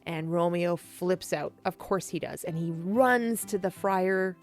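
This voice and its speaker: A woman casually retelling a classic play in a chatty, animated way, laughing and swearing often. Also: fairly low pitch, unhurried, soft background music. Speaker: storyteller.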